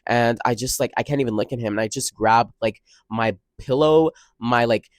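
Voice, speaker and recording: A young man in college telling a dramatic storytime vlog, expressive and full of slang and swearing. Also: mid-range voice, normal speed, dry recording. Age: young adult. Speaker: college student vlogger.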